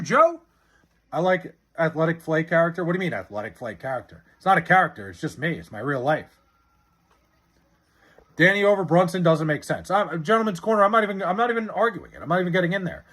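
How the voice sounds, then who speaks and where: A live streamer with a fairly high, slightly bright voice reads his chat aloud. He keeps things casual with his viewers, going off on rambling, profanity-laced sports arguments.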